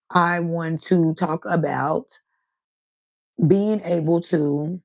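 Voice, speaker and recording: A woman's voice: on the low side, slow pace, no room sound, dull audio. A woman hosting her own live stream, chatting casually and playfully about real life and gossip. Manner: lively, playful, drawls words out. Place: at home, setting up in front of a ring light.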